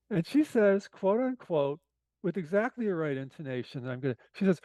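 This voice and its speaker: A man with a hoarse-sounding voice, a podcast guest telling an animated, self-deprecating story full of asides. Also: high voice, normal speed, dry recording. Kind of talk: casual storytelling.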